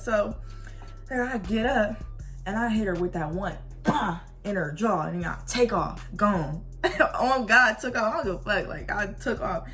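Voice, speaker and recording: An animated young woman tells a story in a loose, slangy way, jumping up in pitch as she acts out what everyone said. Faint music plays quietly behind her voice. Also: normal speed. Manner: animated, slangy storytelling with quoted dialogue and laughs. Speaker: vlogger. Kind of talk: casual storytime.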